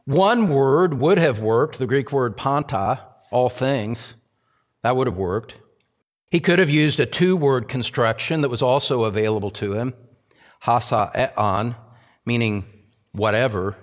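A pastor preaches a sermon slowly and with frequent pauses, emphatically repeating key phrases. His delivery swings between loud, rising climbs and low, quiet drops.

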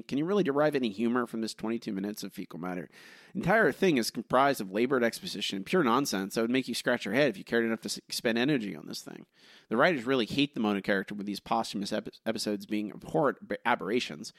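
A man reads listener reviews on a casual podcast with a wry delivery. His pitch moves around a lot. The recording is dry and close. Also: no room sound. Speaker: podcast co-host.

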